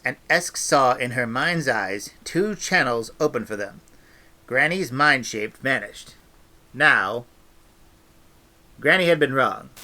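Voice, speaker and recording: A man reading a novel aloud with expressive, animated storytelling. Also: medium pitch. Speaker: audiobook reader.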